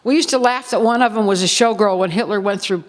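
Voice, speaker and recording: A woman's voice: medium pitch, fast. An older woman and former showgirl telling blunt stories at a seminar, laughing often and acting out quoted voices. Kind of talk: storytelling at a seminar. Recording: reverberant hall.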